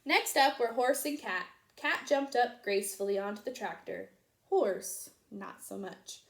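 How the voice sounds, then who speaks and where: A woman reading a children's picture book aloud in an expressive, sing-song storytelling manner. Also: a little high, measured pace, vocal fry. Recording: roomy echo.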